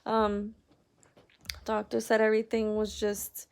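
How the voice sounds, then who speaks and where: A woman's voice: medium pitch, completely flat delivery, slow, vocal fry, darkish tone. A young adult woman telling a personal story in a casual vlog, rambling and candid, with many "like"s and an upset tone. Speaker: vlogger.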